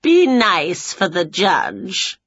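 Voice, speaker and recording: A woman putting on a smug, vain witch who drawls slowly and gloats, her voice a touch higher and louder than plain narration. The sound is dull and lo-fi, dry and close. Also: wildly swooping pitch, no room sound, heavily acted. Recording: dull lo-fi home recording.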